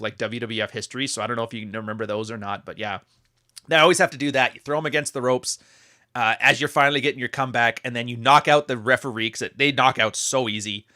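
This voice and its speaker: Sardonic, swearing man with a bright voice. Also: medium pitch, quick pace. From Canada. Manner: sardonic, swears freely, rambling asides. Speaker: commentator. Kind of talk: casual profane commentary on social media posts.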